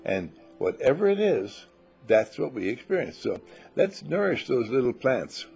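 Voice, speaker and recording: Husky, gravelly man giving a playful spiritual talk. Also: mid-range voice, sing-song, a little slow, a little mellow, highs cut off, soft background music. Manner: playful storytelling, acts out little voices. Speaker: spiritual teacher. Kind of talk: inspirational talk to a small group.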